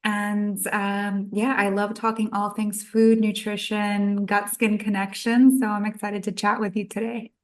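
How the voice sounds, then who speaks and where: A woman's voice: mid-range voice, flat delivery, measured pace, hardly any pauses. A woman in her thirties, a nutritionist guest on a podcast, telling her own story in a chatty way and acting out her past thoughts.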